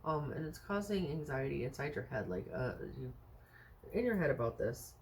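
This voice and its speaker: A woman's voice: rumbling low, big pitch swings, normal speed, slight background noise. A woman doing a casual tarot reading for viewers, thinking aloud with many fillers and rhetorical questions in a chatty, reassuring way. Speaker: tarot card reader.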